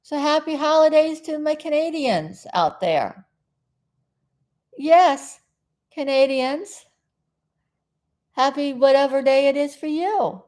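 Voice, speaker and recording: A middle-aged woman talks in a slow, unhurried way, drifting from one thought to the next. Her voice sits a little high, and she fills the gaps as she chats to her viewers on a casual stream. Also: animated, a little mellow. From South Florida. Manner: chatty, meandering, loses her train of thought. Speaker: live-stream host. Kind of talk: rambling casual live-stream chat.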